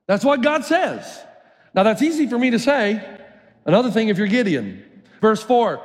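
Guy pastor preaching, high voice, tells it like a story, repeats for punch, long hall echo. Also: very animated, normal speed. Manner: storytelling with acted voices, emphatic repetition. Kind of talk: sermon.

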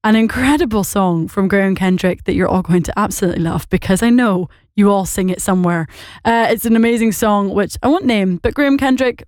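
A woman's voice: medium pitch, a little fast, darkish tone, no echo, studio quality. A woman with a Scottish accent and a Northern Irish lilt, presenting Christian radio in a bubbly, chatty way between songs, laughing easily. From Scotland.

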